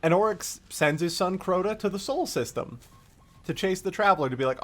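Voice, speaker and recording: A man streaming a joking, profane recap of a video game's story, in a lively, animated way. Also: high-pitched, a little fast, faint music behind. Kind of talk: comedic game-lore recap.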